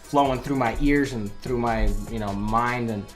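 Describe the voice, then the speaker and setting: A man's voice: medium pitch, moderate pace, over music. Easygoing, joking male guest. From United States. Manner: easygoing, joking, laughs between sentences. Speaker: interview guest. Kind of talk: casual interview chat.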